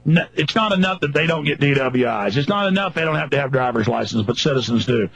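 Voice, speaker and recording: A man's voice: mid-range voice, quick pace, vocal fry, a bit bright, slightly rough, dry recording. A man hosting a talk radio show, ranting angrily and mockingly in long emphatic lists. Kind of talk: angry political radio rant. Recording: dull lo-fi radio broadcast.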